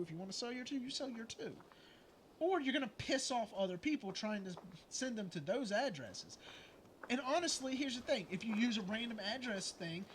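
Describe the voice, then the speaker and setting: A man's voice: high voice, a bit bright, a little hiss or hum. A man co-hosting a gaming stream, talking in a casual, argumentative way and swearing freely. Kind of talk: casual chat over gameplay.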